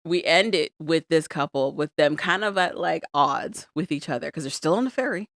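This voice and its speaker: A woman co-hosting a podcast, recapping reality TV in an animated, exasperated, emphatic way. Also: sits low, normal speed, no echo, clean studio sound. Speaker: podcast co-host. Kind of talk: casual chat recapping reality TV.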